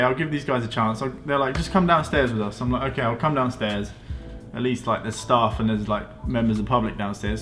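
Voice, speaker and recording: A young man tells a story to camera in an animated vlog style, acting out both sides of the exchange. His voice sits at an ordinary pitch but leaps sharply upward when he retells his own outbursts. Faint music plays underneath. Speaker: vlogger.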